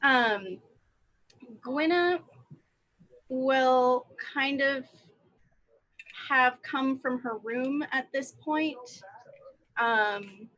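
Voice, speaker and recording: A woman playing a tabletop game, hesitantly describing her character's actions with many pauses and ums. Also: high-pitched, a bit bright, poor audio.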